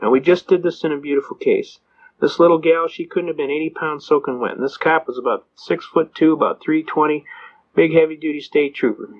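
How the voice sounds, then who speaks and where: A man's voice: a little high, fairly even intonation, a little fast. A man giving an anecdotal lecture on legal rights in a folksy, emphatic storytelling manner, on a dull lo-fi recording.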